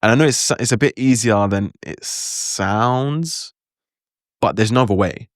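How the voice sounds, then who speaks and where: A man's voice: medium pitch, unhurried, dry recording, studio quality. A young man giving a casual spoken lesson, chatty and reflective, full of "like" fillers and asides. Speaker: language teacher.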